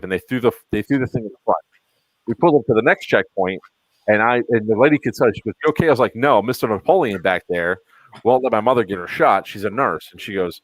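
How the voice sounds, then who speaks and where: A man's voice: lowish voice, a bit bright, no echo, rough recording. A man in his thirties hosting a podcast, telling a story in an exasperated, casual way and acting out both sides of the dialogue. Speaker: podcast host. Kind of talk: casual chat.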